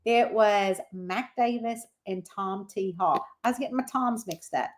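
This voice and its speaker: A woman's voice: medium pitch, measured pace. A woman hosting a casual livestream, chatting and reading out viewer comments by name. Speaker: livestream host.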